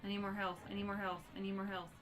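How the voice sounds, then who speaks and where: Bright, excitable woman streaming a game. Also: mid-range voice, racing, faint music behind. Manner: excitable, gasping and yelping at the game. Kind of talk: live gameplay commentary.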